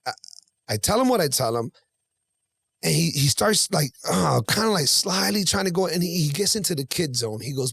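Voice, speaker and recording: A man in his forties telling a story on a podcast, animated and acting out both sides of a conversation. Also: on the high side, fairly quick, vocal fry, breathy edge, dry recording, studio quality. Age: 40s. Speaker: podcast guest. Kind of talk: casual storytelling.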